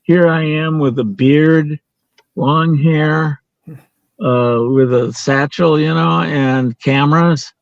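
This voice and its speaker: A man's voice: a little high, steady tone, slow pace, creaky, no room sound, muffled recording. An older man telling a story as an interview guest, quoting the people in it and laughing now and then. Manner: anecdotal, quoting others in dialogue, with laughs.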